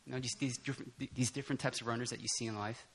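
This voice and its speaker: This man's medium-pitched, slightly rough voice comes out rapid-fire as he preaches casually at a church prayer meeting. He stays animated and laughs often, his talk full of fillers and restarts.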